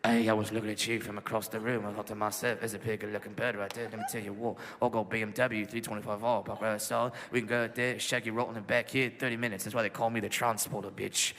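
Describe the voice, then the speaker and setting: A comedian putting on a low, slick South London accent as a man chatting up a woman. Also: little pitch movement, fast, hardly any pauses, in a large hall, noisy background, lightly acted. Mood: seductive. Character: smooth-talking British man chatting up a woman.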